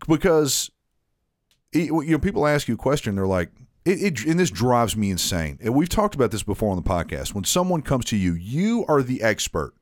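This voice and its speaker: A man's voice: mid-range voice, big pitch swings, fairly quick, no echo, studio quality. A man co-hosting a podcast, telling a story in casual chat, swearing freely and restarting often. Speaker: podcast co-host.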